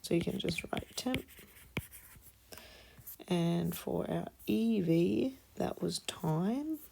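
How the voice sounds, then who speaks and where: A woman's voice: lowish voice, animated, creaky, warm tone, slight background noise. A woman teaching a maths lesson, explaining patiently and dropping to a murmur when she reads out numbers. She sounds tired. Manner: slow, patient explaining, drops to murmurs while reading numbers. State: tired, yawning. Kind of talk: worked-example maths lesson.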